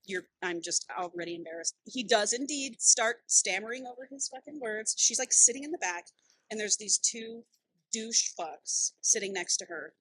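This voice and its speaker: A woman's voice: fairly high pitch, normal speed, pushed and bright, a little hiss or hum, low-quality recording. A woman co-hosting a podcast in casual chat, retelling a book's scenes with plenty of profanity and quoted character lines. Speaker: podcast co-host. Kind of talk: casual chat, recapping a book.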